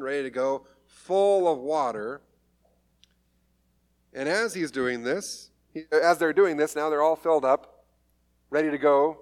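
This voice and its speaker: A man preaching a sermon, retelling a story in a conversational way with light humor. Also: fairly high pitch. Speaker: pastor.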